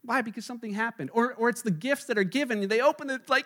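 A pastor giving a conversational, animated sermon, often acting out the people in his stories. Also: very high-pitched, fast, hardly any pauses.

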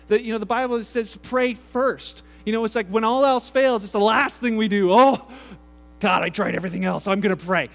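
A male pastor preaching a conversational sermon, slipping into quick acted-out voices for the people in his stories. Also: sits high. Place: church sanctuary. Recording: roomy hall with mains hum.

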